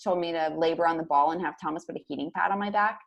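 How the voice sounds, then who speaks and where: A young woman telling a story as a podcast guest, in a rapid, casual way full of fillers like "like". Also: low-pitched, dull audio. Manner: rapid, filler-heavy, peppered with "like".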